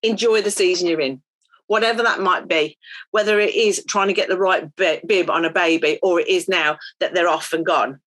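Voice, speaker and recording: A woman's voice: lowish voice, fairly even intonation, moderate pace, fairly bright tone. A middle-aged woman giving a chatty, anecdotal devotional talk full of ums. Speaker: church speaker.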